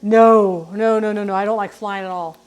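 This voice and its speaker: Soft background music accompanies a middle-aged woman who cooks on a livestream while chatting, rambling and self-deprecating. She speaks quickly and smoothly at medium pitch, with little pitch movement.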